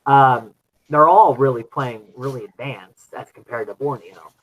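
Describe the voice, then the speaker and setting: A man hosting a casual podcast chat, retelling scenes with lively acted-out quotes. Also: a little slow, muffled recording. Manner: animated, acts out quotes with big pitch jumps. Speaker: podcast host. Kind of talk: casual chat recapping episodes.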